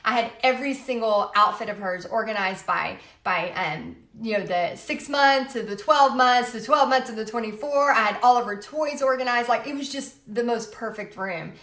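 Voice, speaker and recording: Woman in her late 30s, livestream host, chatty and animated storyteller, slightly high voice, roomy echo. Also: normal speed, few pauses. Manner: chatty, animated, frequent fillers. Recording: echoey room.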